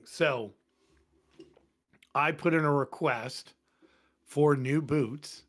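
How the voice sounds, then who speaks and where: A man's voice: a little high, extremely slow. A man, a firefighter, telling long stories in blunt casual talk full of swearing, voicing the people in them. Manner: profane, blunt and animated. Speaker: podcast guest, firefighter. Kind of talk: casual storytelling. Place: podcast studio.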